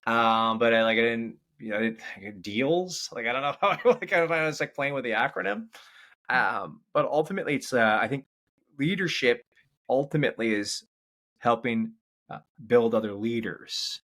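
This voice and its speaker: A man with a gravelly, creaky voice talks through a story as a podcast guest. He rambles, restarts his sentences and keeps checking in with the listener. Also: medium pitch, lively intonation, normal speed, a bit bright. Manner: rambling, with many restarts and "right?". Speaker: podcast guest, change coach. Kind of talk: casual storytelling in an interview.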